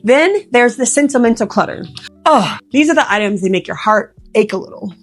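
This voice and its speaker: A woman, a professional organizer, giving earnest, emotional and gently reassuring advice straight to the viewer. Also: a little high, animated, a little fast, faint music behind. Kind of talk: heartfelt direct-to-camera advice.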